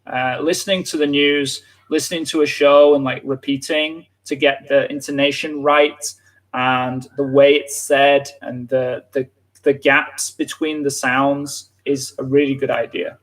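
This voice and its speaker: A man's voice: medium pitch, little pitch movement, a little slow. A British man with a British accent, hosting a live English lesson and talking with many fillers and restarts. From Britain. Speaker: English teacher, livestream host.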